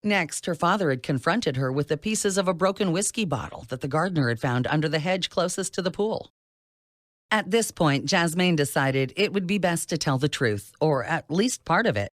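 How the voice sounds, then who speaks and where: An audiobook narrator reads a novel with a lively, swinging pitch. The voice sits close to the mic in a dry, dead room, with no echo at all. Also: moderate pace. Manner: expressive reading with lively pitch. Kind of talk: scripted narration.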